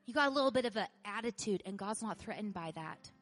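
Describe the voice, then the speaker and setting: A woman pastor preaching a sermon in an animated way, laughing often, repeating phrases and building to loud emphasis. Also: mid-range voice, quick pace, few pauses, faint music behind.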